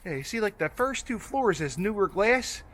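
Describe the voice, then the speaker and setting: Outdoor noise surrounds a male vlogger who explores abandoned places as he wanders a snowy waterfront, talking casually to his dog on a handheld camera. His voice is high, very animated and slightly bright, at a normal speed.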